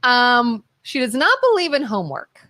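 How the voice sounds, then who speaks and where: A cheerful woman co-host chatting on a live talk show in a studio. Her voice is fairly high and swings widely in pitch as she tells animated stories, heard close and dry. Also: moderate pace, no echo. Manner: chipper, animated storyteller. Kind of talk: casual radio chat. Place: radio studio.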